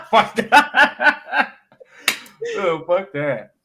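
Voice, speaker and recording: Young guy on a podcast, animated stories, lots of cursing, bouncy pitch. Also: extremely slow, vocal fry. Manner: animated storytelling with profanity and laughs. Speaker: podcast co-host. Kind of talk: casual chat.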